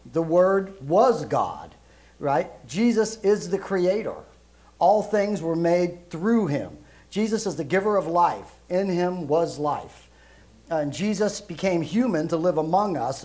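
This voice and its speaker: A middle-aged man from Brooklyn, raised in Europe, preaching a casual sermon in a loud voice with lots of ums and uhs. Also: on the high side. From Brooklyn, New York, raised in Europe. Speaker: guest preacher.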